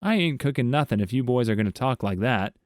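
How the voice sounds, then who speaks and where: A man's voice: medium pitch, expressive, quick pace, no room sound, clean studio sound, lightly acted. A man voicing a folksy, blunt old nun.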